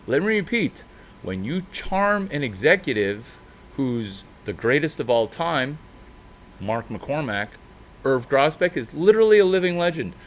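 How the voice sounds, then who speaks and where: A man talking off the cuff as a startup mentor, in an animated, unscripted monologue with sudden jumps in pitch and loudness and drawn-out emphasis.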